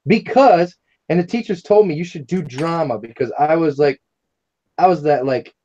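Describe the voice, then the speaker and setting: Co-host: loud jokey guy, fairly high voice, dull audio. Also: moderate pace. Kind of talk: casual chat.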